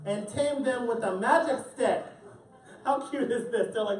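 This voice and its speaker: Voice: mid-range voice, moderate pace. A drag queen reading a picture book aloud to children, with playful joking asides to the audience. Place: indoor event space with a family audience. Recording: echoey room, far from the mic, crowd.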